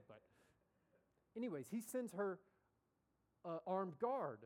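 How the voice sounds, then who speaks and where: A man preaching a sermon as a story, conversational and animated, acting out the voices of the people in it. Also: fairly high pitch, moderate pace, pauses often, slight background noise.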